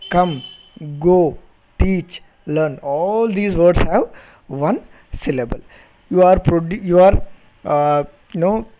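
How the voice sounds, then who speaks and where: Slow, mellow-voiced Indian English teacher. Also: male voice, fairly high pitch. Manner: slow, deliberate, repeats words to model pronunciation. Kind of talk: recorded phonetics lecture. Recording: dull lo-fi recording.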